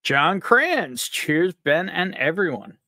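Greeting viewers by their chat names, an upbeat, jokey livestream host from upstate New York speaks slowly in a high, very animated voice that sounds pushed and bright. It's a dry, clean studio recording.

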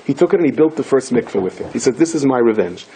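A man, a rabbi with an American accent peppered with Yiddish and Hebrew, giving a lively Torah lecture and acting out the story's voices. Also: medium pitch, fast talker, slightly rough. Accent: American English with Yiddish and Hebrew words.

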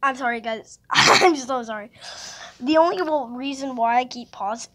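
A woman's voice: high-pitched, normal speed, fairly bright tone. A young woman reacting to a cartoon in casual, giggly, chatty commentary. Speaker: reaction video host.

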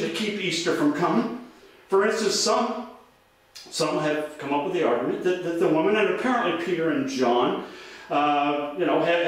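Man preaching easter sermon, high voice, mic kinda far off, lots of church echo. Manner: earnest preaching with frequent word repeats. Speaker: pastor. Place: church sanctuary. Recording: roomy echo, voice from a distance.

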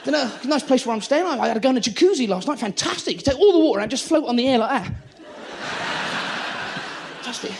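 A man doing an excitable stand-up comedy routine on a theatre stage, swearing freely. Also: very high-pitched, fast, long pauses, noisy background. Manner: frantic, excitable, swears a lot. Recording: live theatre recording with loud crowd. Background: loud audience laughter.

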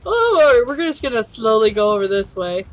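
A fairly high-voiced woman chats through a game with a young child, her pitch swinging up and down as she laughs often and coaxes her along. Soft chiptune music plays quietly underneath. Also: sing-song, fairly quick. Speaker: gameplay video host playing with a child. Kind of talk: casual let's-play chat. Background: faint chiptune music.

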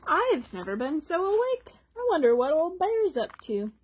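Storybook duck, bored, wide awake, high, eager, pestering, a woman voicing it. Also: big pitch swings, normal speed. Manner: eager, wheedling questions. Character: bored, pestering duck who can't sleep.

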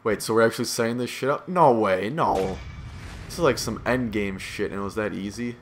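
A man's voice: on the low side, a little fast, slight background noise. A man giving casual gameplay commentary, rambling, swearing and self-deprecating, sounding tired and yawning.

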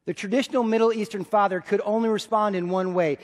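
A man in his forties preaching a sermon as pastor, telling stories and swinging between loud and hushed. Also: high voice, steady tone, quick pace, long reverb tail. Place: church sanctuary.

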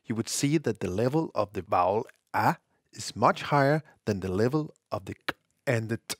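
A man presenting a scripted technical tutorial, explaining things in a measured, precise way. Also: fairly low pitch, lively intonation, breathy edge, no room sound, studio quality.

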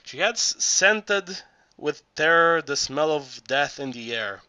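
A man narrating an audiobook in a halting reading voice, often stumbling and restarting words. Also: a little high, animated, sharp tone, no room sound, muffled recording.

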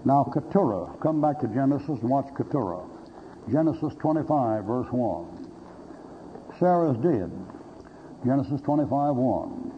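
In his sermon, a male pastor tells homespun stories laced with blunt humor, voicing both sides of the exchanges. His medium-pitched delivery is expressive and evenly paced. The lo-fi recording is dull, with a faint hiss.

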